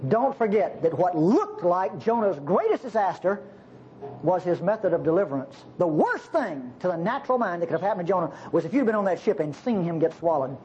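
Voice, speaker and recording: A preacher delivering a sermon in an animated way, with jokey asides to the congregation. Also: medium pitch, fairly quick. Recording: slightly dull recording with faint hiss.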